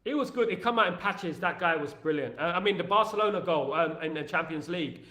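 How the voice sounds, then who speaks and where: Excitable man, bright and echoey. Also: a little high, fast talker. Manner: rambling, jokey, excitable banter. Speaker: host. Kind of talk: casual chat.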